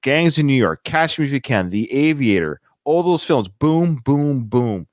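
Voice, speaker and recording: A man's voice: medium pitch, big pitch swings, a little slow, no room sound. Enthusiastic male podcast host, dry sound. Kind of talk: casual podcast film discussion.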